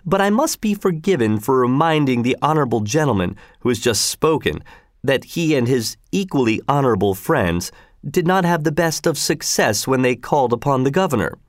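Man doing a pompous townsman, storybook character, raised pitch, lively swoops, dry close sound. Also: moderate pace, no room sound, lightly acted. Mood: lecturing. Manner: condescending, lecturing about tact. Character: pompous, smug middle-aged Swiss townsman.

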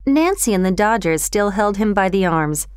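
A woman reads a storybook chapter aloud in a calm, even way. Her voice is smooth and clear in a dry recording, with a middle pitch. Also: normal speed, no echo. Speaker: narrator.

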